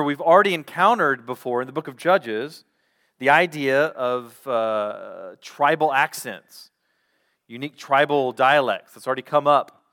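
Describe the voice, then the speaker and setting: A pastor preaching a sermon, teaching through a Bible passage with measured pauses. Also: male voice, mid-range voice, a bit bright.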